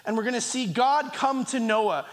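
High-voiced pastor with a slight cough. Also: male voice, lively intonation. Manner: earnest, with pauses and restarts, reading scripture aloud. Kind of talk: sermon. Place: church. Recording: long reverb of a church hall.

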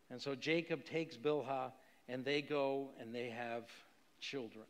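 A man preaching a sermon in a fairly high voice and an easy, conversational manner, asking his listeners rhetorical questions. His voice carries through a large hall with long reverb. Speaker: pastor.

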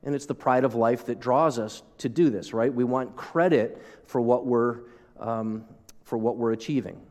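A man's voice: mid-range voice, normal speed, darkish tone. A man preaching a sermon as pastor, talking in a conversational way with asides to the congregation. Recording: long reverb of a large hall.

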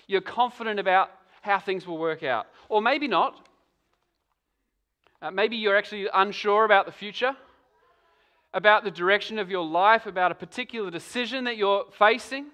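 A man's voice: high-pitched, sharp tone. A man preaching a conversational sermon, asking many rhetorical questions.

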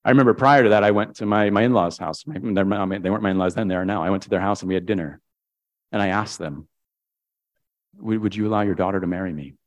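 A man's voice: on the low side, fast. A male pastor preaching a heartfelt sermon, speaking directly to the congregation and often repeating and restarting his words.

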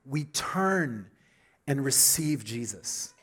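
A middle-aged man preaching a sermon with emphatic delivery, repeating key phrases and building to loud high peaks. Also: sing-song, drawn-out words, slightly rough. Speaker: pastor.

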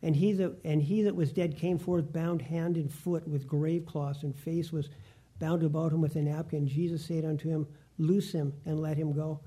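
A man preaching a Bible lesson, reading scripture aloud slowly and deliberately. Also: fairly high pitch, fairly even intonation, mellow, slightly rough. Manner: reads verses slowly and deliberately, with restarts.

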